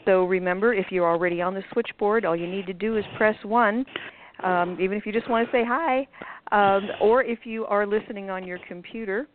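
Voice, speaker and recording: A woman's voice: mid-range voice, a little fast. A woman hosting a radio call-in show, chatting casually and hesitantly with many ums. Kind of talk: casual on-air chat. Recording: tinny phone line with faint hiss.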